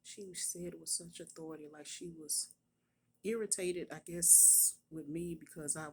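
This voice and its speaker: A woman, a prophetess, telling a personal testimony in a hushed, partly whispered voice while at her workplace. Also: on the low side, steady tone, normal speed, slight background noise.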